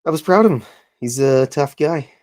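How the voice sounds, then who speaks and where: A man's voice: on the high side, animated, normal speed, a little mellow. A middle-aged man from Canada who hosts a show, chatting casually while he draws cartoons, full of jokes and self-deprecating asides. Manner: joking, self-deprecating, meandering. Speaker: podcast host and cartoonist. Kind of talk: casual rambling chat while drawing.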